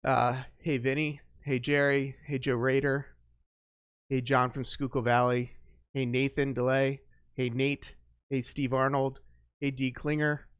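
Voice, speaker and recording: A man hosting his first live stream, chatting off the cuff, greeting viewers one by one and often pausing on fillers. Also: medium pitch, little pitch movement, smooth, dry recording, clean studio sound. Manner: unscripted, greets viewers by name, halting with fillers. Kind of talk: casual live stream chat.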